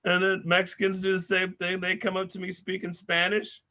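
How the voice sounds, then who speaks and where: A young man hosts a stand-up comedy night, his voice bright and sitting a little high. He tells his stories loudly and with a lot of animation, swearing freely and punching up the voices of the people in them. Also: normal speed. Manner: loud, animated storytelling with swearing and big voices for characters. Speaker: comedy show host.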